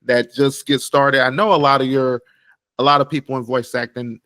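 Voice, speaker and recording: A man's voice: mid-range voice, level tone, normal speed, a bit bright, dry recording. Chill podcast host guy, loose casual phrasing, dry close sound. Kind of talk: casual interview chat.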